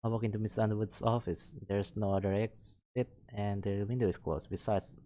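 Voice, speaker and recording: A man from Malaysia, a streamer reading a visual novel aloud in a steady manner. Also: lowish voice, brisk. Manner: reads narration steadily, breaking off to laugh and comment. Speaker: VTuber streamer.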